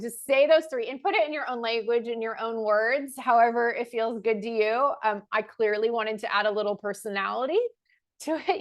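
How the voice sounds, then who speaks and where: A woman hosting a motivational talk. She coaches viewers through affirmations, repeating them slowly and with emphasis, and sometimes laughs at herself in a casual aside. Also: on the high side. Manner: slow, emphatic repetition of affirmations; laughs and self-corrects casually. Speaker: life coach host.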